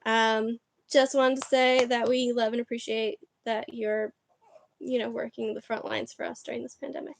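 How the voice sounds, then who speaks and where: Give me a woman with a slightly high voice reading a children's novel aloud, expressive and chatty. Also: normal speed, vocal fry, slight background noise. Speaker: reader. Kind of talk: reading a book aloud, casual asides.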